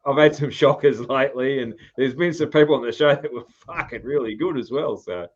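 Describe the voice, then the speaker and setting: Laid-back Australian podcast host. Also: male voice, medium pitch, fairly quick, lo-fi sound. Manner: relaxed, swears freely, trails off with ums. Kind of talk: casual podcast chat.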